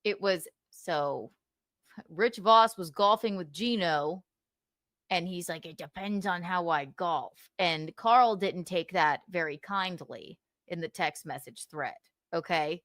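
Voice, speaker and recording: A woman's voice: fairly low pitch, slow, fairly bright tone, no room sound, studio quality. A woman in heated casual podcast chat, retelling a story in a profane, defensive and rambling way.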